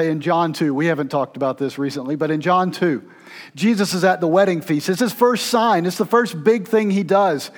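A high-voiced man delivering a sermon from the pulpit. He moves between loud, urgent stretches and quiet, hushed passages, telling the story with dramatic force. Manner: dramatic, swings between loud intensity and hushed near-whispers. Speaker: pastor.

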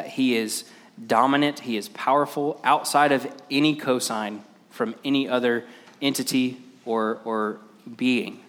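A man in his thirties, a pastor, preaches a sermon in a medium-pitched, fairly bright voice. He sounds hesitant, with many "uh" fillers and restarts, and the long reverb of a large hall surrounds him.

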